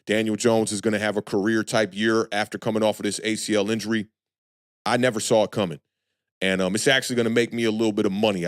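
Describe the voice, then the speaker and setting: Low-voiced man hosting a sports livestream. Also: dry recording, clean studio sound. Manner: conversational, loose and frank, shouts out viewers. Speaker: sports channel host. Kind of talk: live-stream sports talk reading chat.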